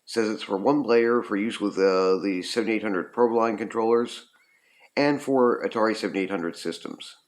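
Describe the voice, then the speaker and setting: A man's voice: fairly low pitch, normal speed. A man casually reviewing a retro video game, rambling with lots of ums and uhs. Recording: roomy echo.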